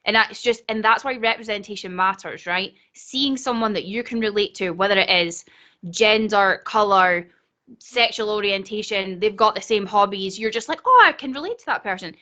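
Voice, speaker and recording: A woman's voice: medium pitch, fairly even intonation, normal speed, pushed and bright. A Scottish woman speaking on a video call in a casual panel chat, earnest and chatty, laughing often. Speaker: conference speaker.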